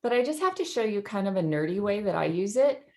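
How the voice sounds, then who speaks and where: A woman's voice: mid-range voice, big pitch swings, quick pace. A woman educator giving a chatty, enthusiastic screen-share demo over a video call, laughing often. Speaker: educator presenting in a webinar.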